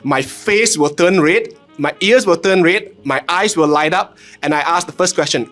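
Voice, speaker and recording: Malaysian man, animated storyteller, slightly high voice. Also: normal speed, soft background music. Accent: Malaysian English. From Penang, Malaysia. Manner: animated storytelling with frequent "lah" tags and self-deprecating jokes. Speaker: content creator, panel guest. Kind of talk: casual panel talk.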